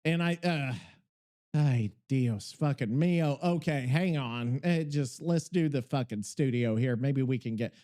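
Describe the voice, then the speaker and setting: A man's voice: mid-range voice, unhurried, warm tone. A man hosting a podcast live, ranting in exasperation and swearing, repeating his questions. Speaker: podcast host. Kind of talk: casual live podcast chat.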